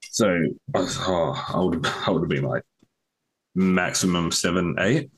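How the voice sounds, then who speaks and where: A young man with a very low voice tells a long, meandering joke on a casual podcast. He swears freely and rambles as he talks. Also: unhurried, slightly rough. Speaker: podcast co-host. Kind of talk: casual storytelling.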